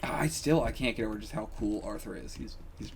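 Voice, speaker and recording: A man's voice: lowish voice, a little fast, slight background noise. A man co-hosting a reaction show, chatting casually and jokingly, with lots of fillers and restarts. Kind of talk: casual chat.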